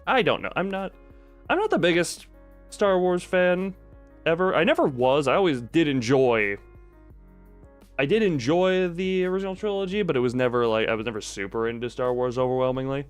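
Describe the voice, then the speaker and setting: Guy just chatting on stream, swoopy lively voice, rambles and pokes fun at himself, soft music behind. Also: medium pitch, smooth. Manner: rambling, self-deprecating, jokey. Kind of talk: casual chat stream. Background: soft background music.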